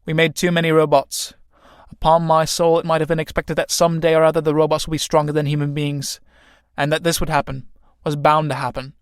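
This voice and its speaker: A man's voice: on the high side, monotone, a little fast, clean tone, no echo, studio quality, close to an everyday voice. A man voicing a wry, talkative male company manager in a read-aloud play.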